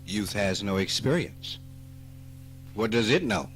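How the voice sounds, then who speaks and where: A man with a Southern US accent giving a spiritual talk, slow and emphatic, teasing his listeners and rising into animated outbursts. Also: on the low side. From Mississippi. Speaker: spiritual teacher. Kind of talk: spoken dharma talk. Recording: archive talk recording with faint music.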